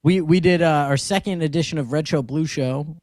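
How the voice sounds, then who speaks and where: A man's voice: on the high side, a little fast, dry recording, clean studio sound. A young man in his twenties co-hosting a podcast, telling stories in casual banter and laughing often. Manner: animated storytelling, laughs often. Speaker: podcast co-host.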